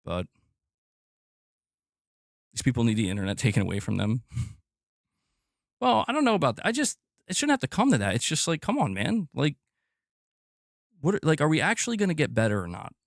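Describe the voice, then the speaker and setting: A man hosting a gaming channel livestream, ranting in an exasperated, profane way that repeats itself and climbs in pitch as he gets worked up. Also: wildly swooping pitch, fairly quick, gravelly, pauses often, no echo, clean studio sound. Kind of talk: livestream rant reading chat.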